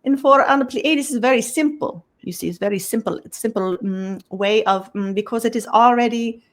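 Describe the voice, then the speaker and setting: A woman giving a channeled spiritual talk, speaking as a collective voice, halting and repeating words as she searches for them and closing nearly every phrase with the same tag question. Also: fairly high pitch.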